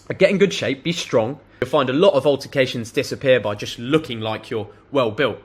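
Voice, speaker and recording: A young man speaks straight to camera in a blunt, conversational way, dropping casual swear words as he tells his story. His voice sits at an ordinary middle pitch, and he talks with plain, no-nonsense confidence. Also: a bit bright. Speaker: self-improvement vlogger. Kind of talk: direct-to-camera advice monologue.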